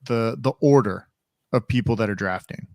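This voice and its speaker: A man's voice: mid-range voice, moderate pace, darkish tone, no echo. Easygoing man, dry close sound. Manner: easygoing, hesitant, many fillers. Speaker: podcast co-host. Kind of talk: casual sports chat.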